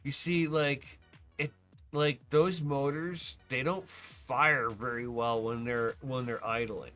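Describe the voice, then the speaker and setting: A man hosting a podcast in casual chat, telling stories excitedly, swearing a lot and laughing often. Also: mid-range voice, takes it slowly, faint music behind. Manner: profane, excitable storyteller who laughs often. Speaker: podcast host.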